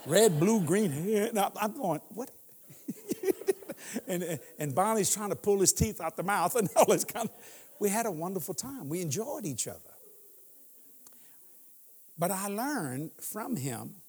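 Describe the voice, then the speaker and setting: A man's voice: high-pitched, sing-song, unhurried, darkish tone, slightly rough, in a large hall. A man in his sixties preaching as a guest in a church, telling humorous stories and laughing often. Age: 60s. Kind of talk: sermon.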